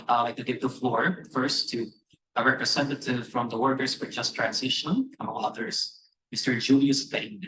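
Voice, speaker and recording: A man's voice: medium pitch, sharp tone. A man moderating a press briefing who introduces speakers politely, with hesitant fillers. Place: conference press room. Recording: echoey room.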